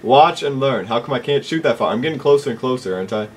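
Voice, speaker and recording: A man giving casual let's play commentary, excitable and frustrated, with outbursts and shouts at the game. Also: mid-range voice, racing, a little hiss or hum. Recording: game music loud behind voice. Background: game music.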